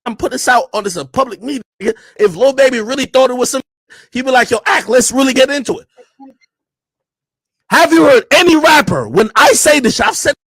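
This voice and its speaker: A man with a very high, husky voice rants loudly and combatively in a livestream clip. He repeats his threats and shouts, and the sound is dry and close. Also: lively intonation, a little fast, no room sound. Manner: loud, combative, repetitive yelling. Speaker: streamer in a played clip.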